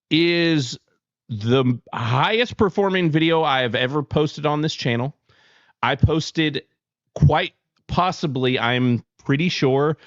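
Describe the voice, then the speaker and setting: A man's voice: medium pitch, no room sound, lo-fi sound. A Southern man from near Charlotte hosting a live-stream podcast, rambling, swearing freely and laughing often. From near Charlotte, North Carolina. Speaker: podcast host. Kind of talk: casual live-stream chat.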